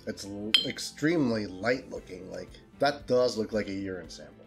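A man's voice: fairly low pitch, expressive, normal speed, vocal fry, darkish tone, soft background music. A man co-hosting a beer review podcast, joking around with crude humor in casual banter. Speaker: podcast co-host.

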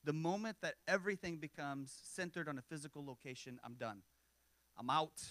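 A man's voice: on the high side, brisk, fairly bright tone, no room sound. Joking conversational preacher, man. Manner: conversational, self-deprecating humor with frequent asides. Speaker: pastor. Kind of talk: sermon.

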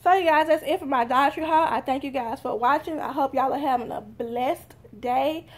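A woman's voice: sits high, normal speed. A young woman, chatting straight to her viewers in a casual haul vlog. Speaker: vlogger.

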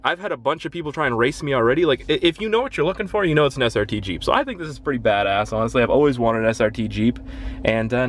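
A man's voice: on the high side, slight background noise. A young man from Canada rambling casually through a walkthrough of his car, swearing freely and apologizing often. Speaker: gaming vlogger. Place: inside a parked car.

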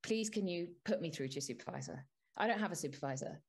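A woman co-hosting a podcast in casual chat, telling an exasperated story with animated energy. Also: fairly low pitch, fast, husky. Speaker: podcast co-host.

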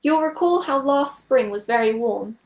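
Fretful old toad with a high, shaky voice, read by a woman, roomy sound. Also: animated, normal speed. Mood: storytelling.

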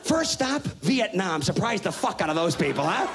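A man in his thirties doing a loud, profane stand-up rant on a live stage. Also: sits high, sing-song, normal speed, a crowd in the background, background noise. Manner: loud, profane, ranting, mocking voices. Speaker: stand-up comedian. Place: stage before a live audience. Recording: live stage recording with audience.

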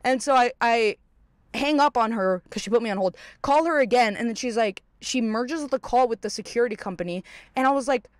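Excitable young adult telling a story. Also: fairly quick, dry recording. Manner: swearing, filler-heavy, acts out own past lines; excitable, voice swings high and loud. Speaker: podcast host. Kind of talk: casual storytelling.

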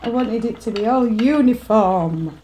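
Woman chatting slowly as she spins yarn, mellow voice, faint wheel whir behind. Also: on the high side, animated, slight background noise, poor audio. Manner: sings along softly between chatty remarks. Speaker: spinning vlogger. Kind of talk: casual chat while spinning yarn.

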